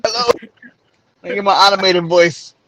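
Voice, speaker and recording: A man's voice: sits high, expressive, moderate pace, fairly bright tone, rough recording. A man co-hosting a casual wrestling recap show, joking and laughing often and trailing off mid-sentence. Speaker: co-host. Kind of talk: casual podcast chat.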